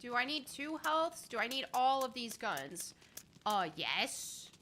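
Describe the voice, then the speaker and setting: A woman with a high voice plays through a game on stream, talking to her chat in an easy, unhurried way. She grows exasperated and grumbles at the game. A steady layer of noise and clicking sits under her voice. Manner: chatty, exasperated, talks to chat. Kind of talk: casual let's-play commentary.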